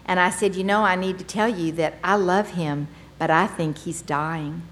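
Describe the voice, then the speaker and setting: A woman's voice: fairly low pitch, fairly even intonation, normal speed, slight background noise. An older woman giving a candid personal testimony, telling her story with wry humor and acting out the people in it. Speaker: speaker sharing her recovery story.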